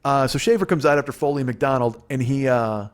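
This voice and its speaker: A male podcast host with a medium-pitched voice talks briskly through a long show-business story. He's casual, profane, and rambling, animating the tale by frequently quoting people in their voices.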